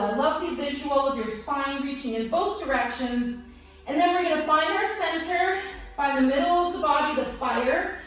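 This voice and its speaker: A woman teaching a guided yoga class, giving gentle, encouraging cues with playful asides, a little out of breath. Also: sits high. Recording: very echoey room, voice from a distance, soft music behind.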